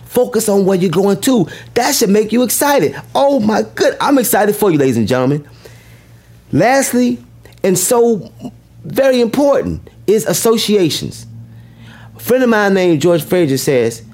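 Husky, emphatic motivational speaker man. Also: a little mellow. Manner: emphatic, preacher-like, repeats key lines, big swings in pitch. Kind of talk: motivational speech.

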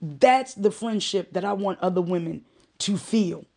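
A woman's voice: medium pitch, a little slow, dark tone. A middle-aged woman giving a heartfelt monologue, with emphatic, repeated phrases and moments of choking up. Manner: emotional, choking up.

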